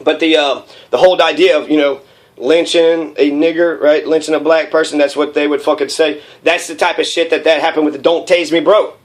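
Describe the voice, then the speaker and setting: A man's voice: a little high, level tone, fairly quick. A young man delivering a heated, profane political rant, rambling with many fillers.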